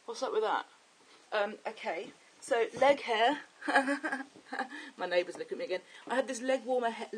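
A young man chatting excitably and rambling in a casual video diary. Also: high-pitched, a little hiss or hum, low-quality recording. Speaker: vlogger.

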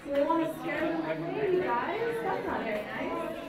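A woman reading a storybook aloud to children and leading them in movement games, expressive and coaxing. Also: sits high, moderate pace. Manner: expressive, coaxing, acts out voices. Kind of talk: animated storybook reading and kids' activity. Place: indoor library room. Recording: very echoey room, mic far off. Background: crowd of children.

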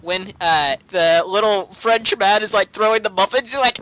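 A man chatting casually while playing a game, excitable and laughing often. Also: sits high, moderate pace, no echo. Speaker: gamer, co-host. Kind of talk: casual let's play chat.

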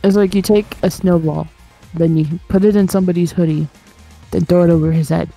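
A woman's voice: fairly low pitch, steady tone, dark tone, faint music behind. A woman chatting playfully and teasing while co-commentating a fighting game stream. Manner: playful, teasing, talks in quick bursts. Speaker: esports co-commentator. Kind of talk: casual color commentary and chat.

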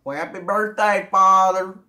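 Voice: medium pitch, fairly even intonation, measured pace, bright, forceful tone. A performer voicing a folksy country son from a cow farm, with a hick drawl. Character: country farm son who milks cows. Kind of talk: comic character video greeting.

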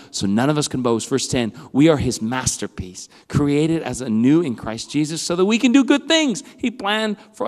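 Male youth pastor, high-pitched, animated preacher; sanctuary reverb. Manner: animated preaching, swings from loud to hushed. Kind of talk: youth sermon. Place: church hall. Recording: long hall reverb.

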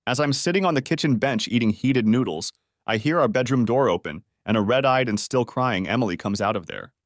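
A man's voice: mid-range voice, a little fast, no echo, clean studio sound. Man narrating a first-person audiobook. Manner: calm, steady first-person telling. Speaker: story narrator.

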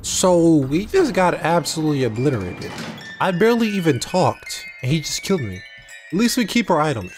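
A young man playing a horror game and commenting, jumpy and excitable, yelling when startled. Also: fairly high pitch, moderate pace, soft background music. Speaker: gaming channel host.

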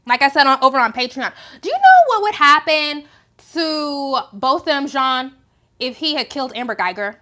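Woman, live commentary host, high voice, emphatic, rhetorical questions. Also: big pitch swings, normal speed, sharp tone.

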